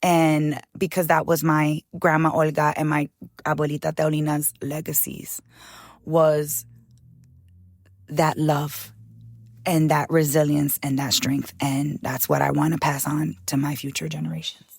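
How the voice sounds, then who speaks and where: An older woman in an interview, a chef and author speaking in a heartfelt, halting way, close to tears at moments. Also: deep voice, flat delivery, gravelly, darkish tone, no echo. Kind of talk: emotional interview conversation.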